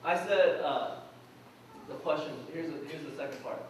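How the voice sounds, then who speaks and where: A man's voice: fairly high pitch, fairly quick, slight background noise. A man preaching a conversational sermon as pastor, asking the congregation questions and telling funny personal stories. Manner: humorous personal anecdotes. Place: church sanctuary. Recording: echoey church hall from far off.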